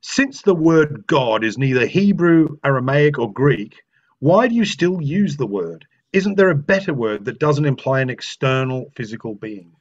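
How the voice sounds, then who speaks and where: A man hosting an online talk over a video call, upbeat and loud as he reads out questions from the chat. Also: mid-range voice, expressive, moderate pace, dull audio. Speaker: host reading chat questions.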